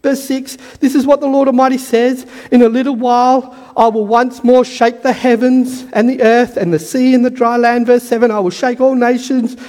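A man preaching a sermon with fervour, repeating key lines and building to shouts, his voice going hoarse. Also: very high voice, flat delivery, normal speed, few pauses, big-room sound.

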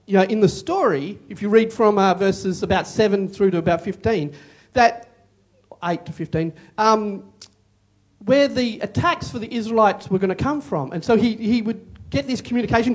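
A man preaching a sermon in an animated, conversational way, with jokey asides to the congregation. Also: high voice. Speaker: pastor. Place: church service, also streamed.

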